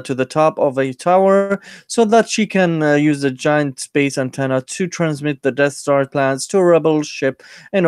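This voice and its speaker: A man's voice: fairly high pitch, clear, resonant tone, no echo, studio quality. A man hosting a casual podcast, reading an article aloud with sarcastic, swearing asides. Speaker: podcast host.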